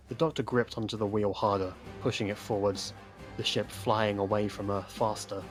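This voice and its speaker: A man with a lowish voice reads a story aloud. His delivery is steady and even. Faint music sits behind him. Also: moderate pace. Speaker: narrator. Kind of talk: scripted narration.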